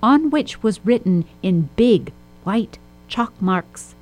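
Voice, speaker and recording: A woman narrating a children's storybook with a steady, expressive reading. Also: mid-range voice, slow pace, rough recording.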